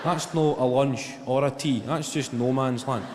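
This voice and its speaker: A man with a Glaswegian Scottish accent performing a stand-up comedy routine, telling dry stories that break into shouted impressions. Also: medium pitch, moderate pace. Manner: deadpan storytelling that bursts into shouted impressions. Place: large theatre stage. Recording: live theatre with long reverb, audience noise. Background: audience laughter.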